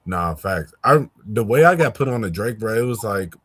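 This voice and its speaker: A young man hosting a podcast in casual chat, laid-back and drawn-out with many fillers. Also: on the low side, lively intonation, a bit bright, husky.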